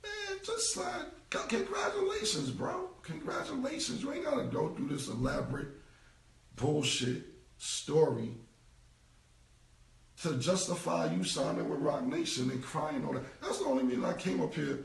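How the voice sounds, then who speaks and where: On a phone livestream, a man in his forties responds as a rapper with a casual, rambling rant, emphatic and profane, hammering the same points. His fairly high, gravelly voice swings widely in pitch at a moderate pace. He's far from the phone, which is held away, and the room echoes.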